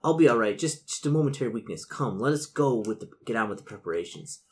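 A man's voice: mid-range voice, expressive, quick pace, darkish tone, close to an everyday voice. A man voicing a nervous, doubtful older male cultist who hesitates and stammers, read aloud from a gamebook. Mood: uneasy.

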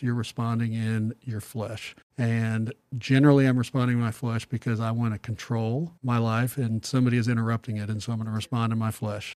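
A middle-aged man talking about faith in an earnest, reflective way, pausing to restart his sentences. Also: medium pitch, darkish tone, no echo. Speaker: podcast guest. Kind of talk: casual Bible discussion.

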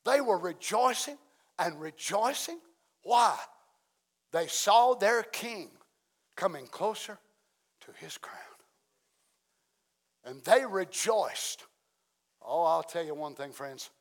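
A man preaching a sermon in a folksy way, asking the congregation many questions and swinging between loud exclamations and soft asides. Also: sits high, lively intonation, slow, pauses often.

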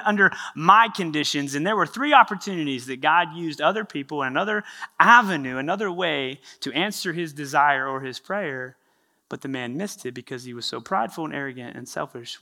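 Male pastor, sermon delivery, conversational storyteller, slightly high and bright.

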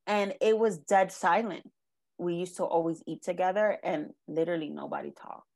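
A young woman giving an emotional personal testimony in an interview, halting and earnest, near tears, with many ums and likes. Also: on the low side, gravelly, a little mellow. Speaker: guest sharing her life story.

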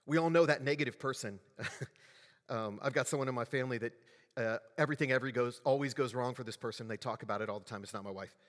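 A man's voice: mid-range voice, quick pace, a bit bright. A man preaching a sermon as pastor, in a conversational way, often asking the congregation questions. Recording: long reverb of a large hall.

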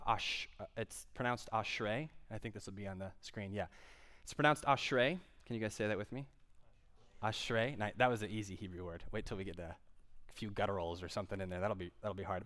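A man's voice: fairly low pitch, fairly bright tone. A male pastor giving a conversational sermon, asking the congregation questions as he goes. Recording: long hall reverb.

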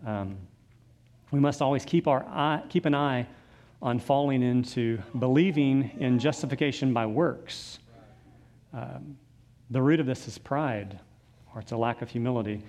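Male pastor, mid-pitched voice, sermon with scripture readings and chatty asides. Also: unhurried, a little mellow. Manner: reads scripture aloud, conversational asides with fillers.

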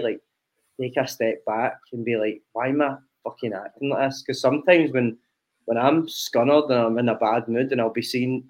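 A man's voice: medium pitch, muffled recording. A young Scottish man co-hosting a podcast, talking frankly and reflectively with plenty of swearing. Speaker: podcast co-host, online coach. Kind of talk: casual chat.

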